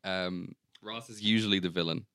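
A young man guests on a podcast, giving his views in a deadpan, mock-formal way. His voice is very deep and flat, yet bright and clear. It is recorded close and dry. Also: moderate pace, no room sound. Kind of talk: casual chat.

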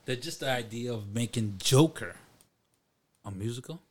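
A man co-hosting a podcast in casual chat, animated, laughing often and swearing freely. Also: medium pitch, moderate pace, a crowd in the background. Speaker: podcast co-host.

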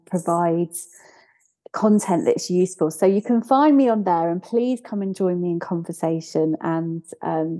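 A woman in her forties, raised in Scotland, appears as a podcast guest giving reflective interview talk. Her lowish, warm voice sounds earnest but hesitant, with frequent restarts.

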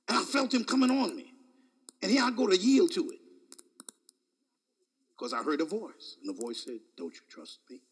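High, lively preaching man. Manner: dramatic, swings between shouts and hushed asides; chuckles often between phrases. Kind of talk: sermon.

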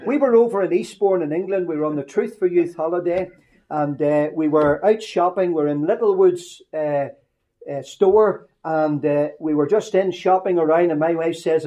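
A middle-aged man with a Northern Irish accent, preaching through humorous personal anecdotes with quick asides. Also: a little high, mellow. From Northern Ireland. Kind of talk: storytelling sermon.

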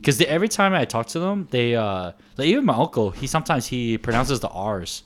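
Animated young man telling stories. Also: medium pitch, brisk. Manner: animated storyteller, acts out quotes. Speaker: podcast host. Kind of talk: casual chat. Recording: faint background noise.

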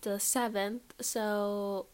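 A woman's voice: medium pitch, flat delivery, extremely slow, clear, resonant tone. Twenties woman, solo podcast host, congested and stuffy, loose rambling delivery full of ums, mid-range voice. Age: 20s. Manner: chatty, rambling, frequent ums and likes. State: stuffy nose. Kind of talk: casual solo life-update chat.

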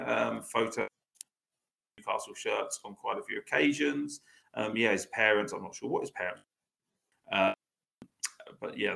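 A man's voice: lowish voice, creaky, fairly bright tone, rough recording. A man co-hosting a casual football podcast, rambling and hesitant with lots of fillers. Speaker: podcast co-host. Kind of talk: casual chat.

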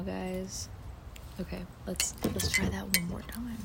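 A woman's voice: fairly low pitch, flat delivery, moderate pace, vocal fry. A young woman hosting a casual podcast, rambling and swearing freely with lots of fillers, recorded outdoors in a backyard. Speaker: podcast host. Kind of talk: casual chat. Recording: faint outdoor background noise. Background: outdoor ambience.

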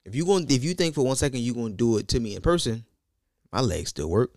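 A man with children, in casual chat, blunt and profane, telling stories with lively delivery. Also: mid-range voice, fast talker, dry recording, studio quality. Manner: blunt, profane, animated, laughs at his own jokes.

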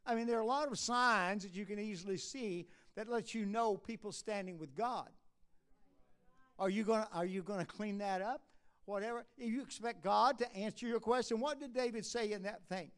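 A man preaching a sermon at a prayer conference, moving from quiet musing to loud, impassioned exhortation. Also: high voice, moderate pace, clean tone.

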